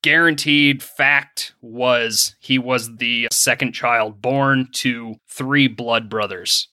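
Co-hosting a podcast, a young Pennsylvania man reads history notes in an easygoing way and pokes fun at his own pronunciation. He speaks slowly and steadily in a mid-range voice that's bright and forceful, captured in a dry, studio-quality recording.

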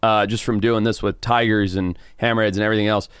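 Animated man telling a wild story. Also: fairly low pitch, fast, clean tone, no room sound, clean studio sound. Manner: animated, swears, laughs often. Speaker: podcast guest, wildlife TV presenter. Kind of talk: casual storytelling.

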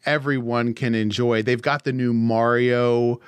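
A man's voice: mid-range voice, fairly even intonation, unhurried, smooth, no echo. Casual podcast host, male, upbeat and chatty, dry close sound. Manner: upbeat, chatty, laughs easily.

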